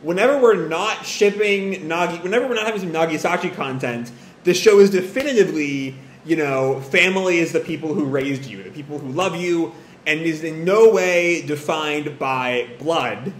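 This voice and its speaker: A man hosting a live manga reading reaction, talking casually, animated and exasperated, swearing often. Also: a little high, normal speed. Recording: echoey room, faint hiss.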